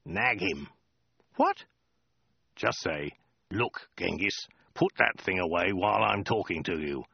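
A man's voice: deep voice, very animated, slow, vocal fry, long pauses, husky, no room sound, muffled recording, exaggerated voice. A man voicing a brutish soldier who barks, snaps and hisses his orders. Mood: bullying. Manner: barking, snapping, hissing. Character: brutish soldier, bullying and menacing.

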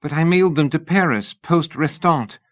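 A man's voice: a little high, moderate pace, muffled recording, voice pushed up, natural voice. A man reading the lines of an anxious young woman who pleads and questions. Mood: pleading.

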